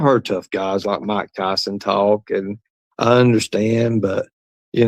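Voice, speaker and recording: A man's voice: on the low side, steady tone, moderate pace, gravelly, a little mellow, no echo, highs cut off. Rambling, profane man on a livestream. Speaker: livestream host. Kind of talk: livestream talk reading chat.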